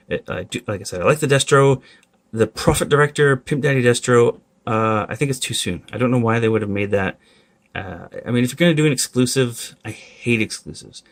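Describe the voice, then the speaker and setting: Gravelly man griping about toys. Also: fairly low pitch. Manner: candid, complaining, apologetic asides. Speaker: toy collector reviewer. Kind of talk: casual review vlog.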